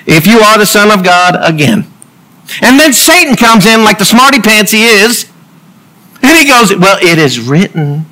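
A male preacher whose sermon runs on jokes and quick asides, laughing at his own lines. His voice sits high and bright, and his pitch leaps up and down as he tells it. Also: poor audio. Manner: animated, jokey asides and laughs. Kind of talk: humorous sermon.

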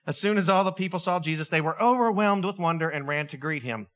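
A man's voice: a little high, fast. A middle-aged male pastor preaching a sermon, telling stories with animation and acting out the voices of the people in them. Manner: animated storytelling, acts out voices.

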